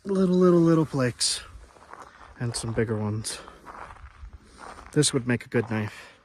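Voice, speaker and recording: A man casually narrating to his camera while hiking outdoors, relaxed and rambling, short of breath. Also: medium pitch, a little slow, slight background noise. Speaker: outdoor vlogger. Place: outdoors on a hillside.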